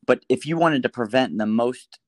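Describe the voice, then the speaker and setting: A middle-aged man, a doctor talking through a story and advice in a casual interview, animated, with frequent restarts. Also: mid-range voice, normal speed, no echo. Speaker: pediatric doctor guest.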